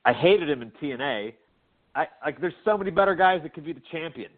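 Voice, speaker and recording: A man co-hosting a podcast, chatting casually in a dry, joking, halting way. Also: a little high, animated. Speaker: podcast co-host. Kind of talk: casual chat. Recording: phone-line call-in sound.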